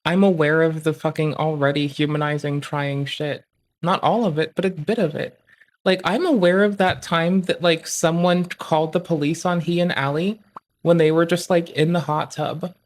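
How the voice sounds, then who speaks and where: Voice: mid-range voice, fairly even intonation, moderate pace. A streamer reacting to a clip live, rambling and swearing with many fillers. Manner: rambling, profane, lots of fillers.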